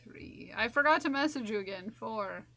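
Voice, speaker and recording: A woman's voice: fairly high pitch, animated, normal speed, sharp tone. A woman streamer chatting casually while crocheting, repeating her own phrases to herself as she works.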